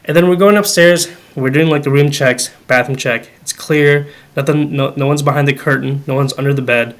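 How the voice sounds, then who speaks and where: A man's voice: fairly high pitch, fairly quick. A young man, a podcast guest, telling a family ghost story in casual chat, full of "like" and "um" and acting out the dialogue he quotes. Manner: animated, acts out quoted dialogue; many fillers like "like" and "um".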